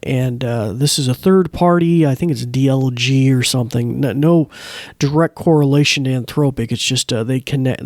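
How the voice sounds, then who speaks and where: A man's voice: a little high, darkish tone, no room sound, studio quality. A man hosting a podcast, talking casually and rambling with many fillers. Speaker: podcast host. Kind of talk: casual chat.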